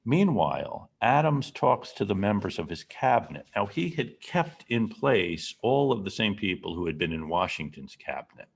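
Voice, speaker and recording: Male lecturer, low husky voice with a gravelly edge, storytelling to a class. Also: very animated, normal speed, few pauses. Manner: storytelling, asks the class questions. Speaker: history lecturer.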